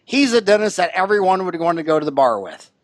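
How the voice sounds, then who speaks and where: A man's voice: sits high, sing-song, quick pace, no room sound. A man hosting a podcast interview in casual chat, rambling, joking and blunt. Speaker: podcast host. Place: Scottsdale.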